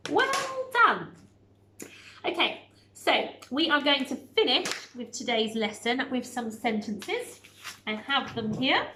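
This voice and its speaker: A woman, a little high in pitch, teaching phonics at an unhurried pace. She sounds out each word carefully and praises her young learners. The room around her is echoey. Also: bright, forceful tone, a little hiss or hum. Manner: slow, clear sounding-out of words, encouraging. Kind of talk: recorded home-learning phonics lesson.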